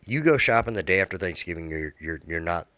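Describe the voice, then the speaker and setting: A man's voice: low voice, lively intonation, bright, forceful tone, no room sound. A man from the United States, a podcast co-host chatting casually in an easygoing way. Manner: easygoing, quick to agree and joke. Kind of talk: casual chat.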